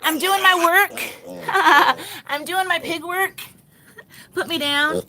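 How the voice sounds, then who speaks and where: A put-upon little pig who wails her complaints in a high, whiny voice, as a woman puts her on. She sounds busy, indignant and fed up, with a bright, sharp edge to every protest. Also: slow, exaggerated voice. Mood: indignant whine. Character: grumpy busy female pet pig, indignant.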